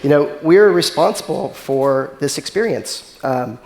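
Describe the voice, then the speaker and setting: A man's voice: on the high side, expressive, a little slow, darkish tone. A man giving a conference keynote as a chief technology officer, speaking casually with lots of filler words.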